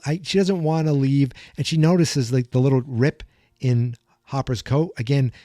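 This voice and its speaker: A man's voice: medium pitch, warm tone, dry recording, studio quality. A man hosting a fan podcast, chatting through an episode recap in a loose, emotional way. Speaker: podcast host.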